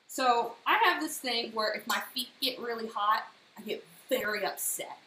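Her voice sits on the high side and moves at normal speed as she demonstrates baking from home for her viewers. Between steps she tells animated personal stories in a chatty way; the kitchen echoes and has faint noise.

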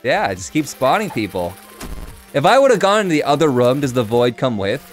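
A man commentates his game stream in a loose, chatty way. His pitch jumps around a lot as he reacts and answers his viewers. Faint music plays behind him. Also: brisk. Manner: chatty, animated, reads and answers chat.

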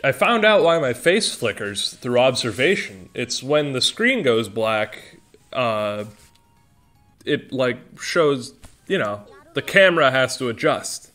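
With faint music in the background, a man streams a video game and talks slowly in a sing-song, mid-range voice with a fairly bright tone. His casual commentary wanders, teases himself, and bursts into exclamations.

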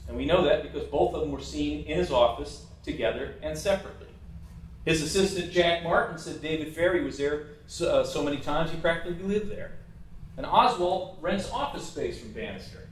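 A man's voice: on the high side, fairly quick, slight background noise. A man giving a casual, blunt, opinionated talk as a presenter over a slideshow. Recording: echoey room, mic at a distance.

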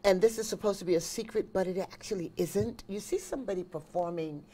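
A woman who is a singer and vocal coach appears as an interview guest, speaking at medium pitch and a fairly quick pace. She's an animated storyteller who leans on emphatic repetition.

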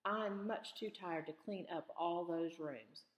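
A woman's voice: on the low side, slow. A woman voicing a tired, lonely old storekeeper who grumbles, read aloud for a children's storybook in an echoey room. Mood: grumbling. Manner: grumbling and downcast. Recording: echoey room with long reverb.

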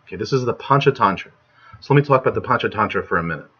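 A man's voice: lowish voice, expressive, very fast, fairly bright tone, breathy edge. A young man giving a casual lecture from home, chatty, with frequent "right?" and "like" and filler sounds. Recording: muffled lo-fi recording.

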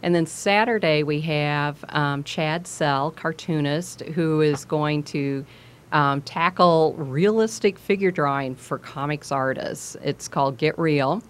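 Female co-host, low voice, measured, filler-heavy, relaxed chat. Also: clear, resonant tone. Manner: measured, with many ums and listening sounds. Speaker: librarian co-host. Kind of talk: casual chat.

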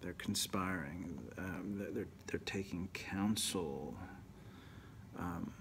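A man, a priest, giving an animated, emphatic Bible teaching that often drops to a near whisper. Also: low voice, takes it slowly, slight background noise.

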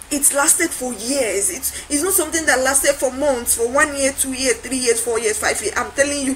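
A woman with a high voice delivers a motivational talk. She hammers each point through repetition and rising, preacher-like build-ups. A faint hiss sits under her voice. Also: a bit bright, low-quality recording. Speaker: motivational speaker.

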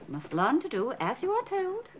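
A middle-aged actress playing a strict, cold headmistress who gives clipped, commanding orders, on a hissy old VHS recording. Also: female voice, high voice, wildly swooping pitch, moderate pace. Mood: stern.

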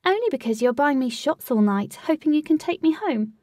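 A woman voicing a small, cheeky flying woman with wings in a storybook reading, speaking high, loud and teasing. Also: expressive, fairly quick, no room sound, recorded from a distance. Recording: dry, voice set back from mic.

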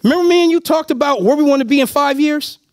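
A man giving an energetic sales pitch to a live audience, calling out to the crowd and laughing often. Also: quick pace. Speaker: motivational speaker at a business opportunity meeting. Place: meeting room with a live audience.

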